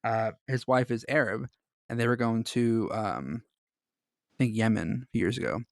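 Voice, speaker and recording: A man's voice: medium pitch, normal speed, creaky, dry recording, clean studio sound. A man co-hosting a podcast, chatting casually with a joking, rambling manner and reading a story aloud. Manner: joking, rambling, laughs often. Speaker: podcast co-host.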